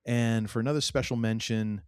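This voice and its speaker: A man's voice: medium pitch, fairly even intonation, fairly quick, smooth, dry recording, studio quality. A man co-hosting a podcast, chatting casually and enthusiastically about a TV show, acting out quotes and laughing often. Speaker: podcast co-host. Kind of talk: casual TV recap chat.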